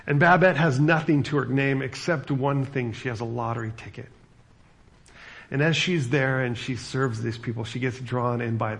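A man's voice: medium pitch, fairly bright tone. A middle-aged male pastor giving a sermon, retelling a film story in a loose, chatty way with lots of fillers. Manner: casual storytelling with many fillers.

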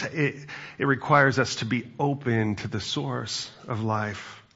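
Man preaching a sermon, gravelly and husky, earnest and reflective, dull lo-fi sound. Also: mid-range voice, pushed and bright. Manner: earnest, reflective, with frequent restarts. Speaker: pastor.

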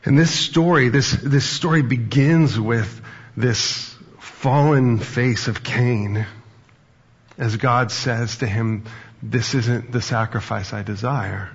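Male pastor, mid-pitched, gravelly and husky, casual sermon delivery, dull lo-fi recording. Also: slow pace. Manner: conversational preaching with anecdotes and fillers.

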